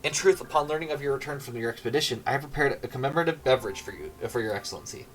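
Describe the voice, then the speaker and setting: A man's voice: medium pitch, expressive, very fast, slight background noise, close to an everyday voice, low-quality recording. A man reading a timid young female drink maker from a game, hesitant and stammering. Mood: polite.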